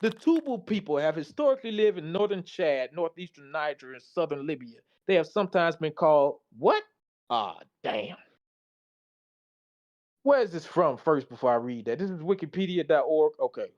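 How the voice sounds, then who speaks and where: A man's voice: a little high, sing-song, brisk, few pauses, a little mellow. Man, tired, casual slide presentation, slangy, talks back to what he reads, muffled lo-fi audio.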